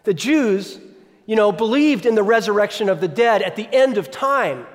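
High-voiced man preaching in a reverberant hall. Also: lively intonation, normal speed. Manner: conversational, asks the congregation questions. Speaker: pastor. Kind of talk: sermon. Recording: long reverb of a large hall.

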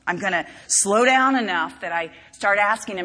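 A woman's voice: mid-range voice, normal speed, bright, forceful tone. A woman preaching a sermon in a conversational, storytelling way with frequent asides, recorded in a large hall. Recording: reverberant hall.

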